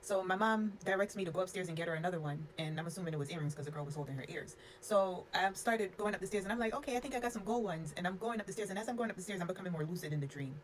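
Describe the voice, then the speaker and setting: A woman's voice: fairly low pitch, very fast, few pauses, a little hiss or hum. A young adult woman telling a personal storytime in a frank, unfiltered way, with lots of "like" and some cussing. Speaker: storyteller vlogger. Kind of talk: casual storytime.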